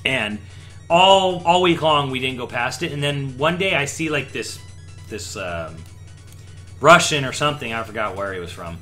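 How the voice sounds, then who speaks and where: A young man co-hosting a casual chat, rambling through a story at a loose, laid-back pace and leaning on fillers. His voice is bright and sits at a middle pitch, with faint music underneath. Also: expressive, moderate pace.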